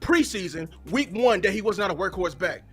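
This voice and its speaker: A man rants on a sports watch-party stream, angry and profane, piling up stumbling repeats. His voice is high, bright and husky. Faint music plays underneath. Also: lively intonation, a little fast. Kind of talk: heated casual rant.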